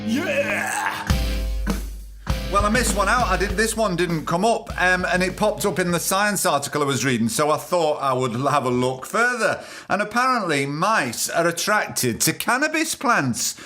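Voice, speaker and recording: A man's voice: high-pitched, lively intonation, moderate pace, hardly any pauses, sharp tone, soft background music. A man hosting a comedy podcast, chatty and wry, with rambling asides. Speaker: podcast host.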